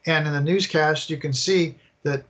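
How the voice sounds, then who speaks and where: An older man telling animated, rambling stories as a guest in an interview, acting out the scenes as he goes. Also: a little high, normal speed. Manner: animated, rambling storyteller who acts out scenes. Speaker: guest, attraction designer. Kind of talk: casual interview storytelling.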